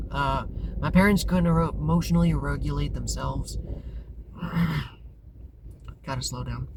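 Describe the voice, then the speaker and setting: A man hosting a tarot channel, talking casually and candidly to camera, rambling and often restarting his sentences. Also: a little high. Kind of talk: casual confessional talk to camera. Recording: clear background noise with vehicle sounds.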